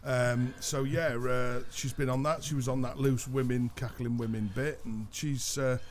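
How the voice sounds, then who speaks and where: A man hosts a podcast in relaxed, teasing banter, with swearing and easy laughter. His voice sits in an ordinary middle pitch. A faint hiss of background noise runs under him. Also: moderate pace. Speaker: podcast host. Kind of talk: casual banter.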